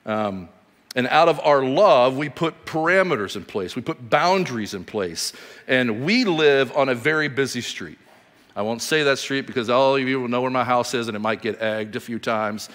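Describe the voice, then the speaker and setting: Man, 30s, pastor, sermon, animated storyteller, loud bursts and hushed emphasis, echoing church hall. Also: mid-range voice, normal speed. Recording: reverberant hall.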